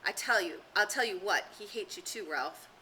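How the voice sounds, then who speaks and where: A woman voicing an anxious, fussy schoolboy with glasses who pleads and frets, his voice rising toward a squeak. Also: normal speed, bright, forceful tone, a little hiss or hum, close to an everyday voice, low-quality recording. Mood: earnest.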